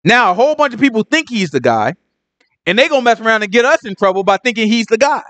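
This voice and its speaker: Animated, high-pitched slangy male Bible teacher. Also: quick pace, no echo. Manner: slangy, animated, acts out characters.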